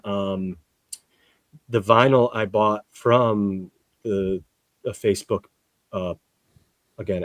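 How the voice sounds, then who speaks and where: A man's voice: fairly low pitch, dry recording. A man co-hosting a casual live-stream chat, laying out a schedule step by step with lots of fillers, over a video call. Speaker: co-host.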